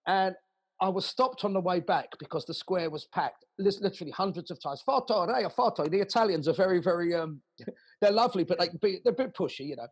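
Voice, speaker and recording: A man's voice: sits high, quick pace, breathy edge. A man, a jazz musician hosting the chat, telling a personal story in a chatty, laughing manner. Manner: warm, chatty anecdotes with laughter and repeated words. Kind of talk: casual conversation.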